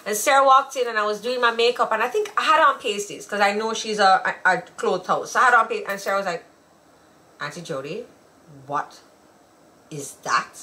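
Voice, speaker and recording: A woman's voice: fairly high pitch, fast, hardly any pauses, bright, forceful tone. A woman, co-hosting a casual chat show and telling stories with frequent laughter. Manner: chatty, laughing storyteller. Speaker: podcast co-host.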